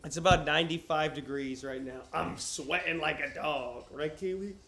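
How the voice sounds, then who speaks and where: A young man streaming from his couch, joking loudly and swearing as he chats with viewers and reads aloud. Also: a little high, moderate pace, reverberant. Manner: loud, profane, joking. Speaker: streamer reading to chat. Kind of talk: casual livestream chat and reading aloud. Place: home, on a couch. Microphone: wearing headphones.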